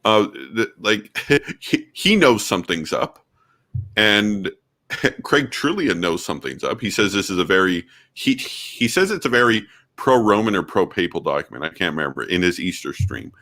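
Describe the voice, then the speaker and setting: A man joining a casual discussion as a guest, with a low-pitched voice. He talks loosely, full of fillers, and slips into mocking paraphrases. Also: big pitch swings, moderate pace, pushed and bright.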